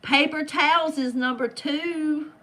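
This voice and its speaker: A woman's voice: sits high, steady tone, slow, bright, forceful tone. A woman hosting a casual trivia game with friends. She reads out questions and answers in a playful, teasing way. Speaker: game host.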